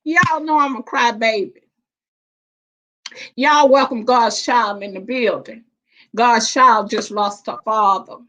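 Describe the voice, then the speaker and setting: Slow-talking woman hosting a livestream. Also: fairly high pitch. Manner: warm, affectionate, drawn-out and emotional, calling viewers baby and child. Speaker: livestream host. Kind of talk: casual livestream chat. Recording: dull lo-fi stream audio.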